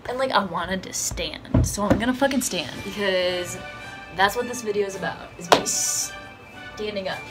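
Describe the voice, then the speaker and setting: A woman's voice: mid-range voice, normal speed. A young woman rambling to her camera in a dorm room at night, giggly and profane, tired and with a cracking voice. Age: young adult. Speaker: vlogger. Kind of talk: casual rambling vlog. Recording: distant camera with faint music.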